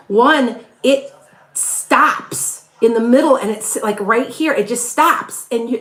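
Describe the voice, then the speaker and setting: A woman's voice: on the high side, a bit bright, roomy sound. A middle-aged woman from near Chicago with a slight Wisconsin accent, a psychic chatting casually and rambling through live readings for viewers. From northern Illinois, near Chicago. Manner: chatty, rambling, with frequent restarts and laughs. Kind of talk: casual live-stream chat answering viewer questions.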